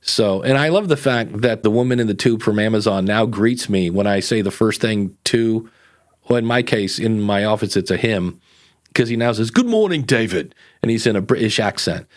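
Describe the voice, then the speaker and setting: A middle-aged man hosting a podcast, ranting with sarcastic, animated asides about beginners. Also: lowish voice, normal speed. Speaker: podcast coach and host. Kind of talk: casual podcast chat.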